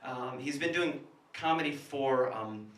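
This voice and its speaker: A man's voice: medium pitch, a little slow, fairly bright tone. A man doing stand-up comedy in a small café, rambling and sardonic, recorded from a distance in an echoey room. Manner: rambling, self-interrupting, sardonic.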